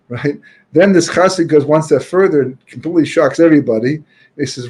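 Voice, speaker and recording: A husky-voiced man, slightly high-pitched and quick, delivers a storytelling Torah talk. Conversational and peppered with "you know," false starts, and Hebrew and Yiddish terms, he grows loud and emphatic whenever he presses a point.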